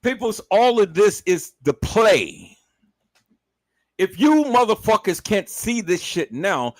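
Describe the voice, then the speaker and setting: A man's voice: high-pitched, sing-song, slow, no echo, rough recording. A man giving heated livestream commentary, cursing heavily and repeatedly addressing his audience in an angry, incredulous rant.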